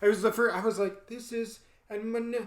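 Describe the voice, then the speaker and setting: A man's voice: high voice, fast talker. A man co-hosting a podcast, telling a story in casual chat, laughing often and acting out what people said. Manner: animated storyteller, laughs often, acts out quoted lines. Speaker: podcast co-host. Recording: echoey room.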